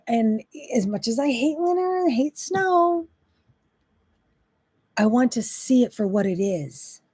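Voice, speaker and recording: An impassioned woman delivers a faith-based monologue as a host, her pitch leaping and dropping as she vents her exasperation. Her voice sits a little high but mellow and slightly husky, recorded dry and close. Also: dry recording. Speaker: Christian talk host.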